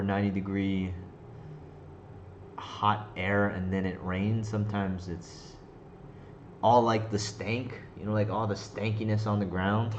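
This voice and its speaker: A man chats casually on a trading live stream, rambling and swearing with frequent laughs. His voice sits at a middle pitch. The recording is roomy, a bit dull, with faint noise behind. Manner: rambling, profane, laughs often. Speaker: trading livestream host.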